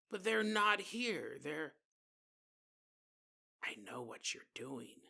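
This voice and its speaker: A man putting on a hushed, menacing convict. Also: high-pitched, creaky, pitched above the performer's own voice, full character voice. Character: creepy soft-spoken male murderous convict.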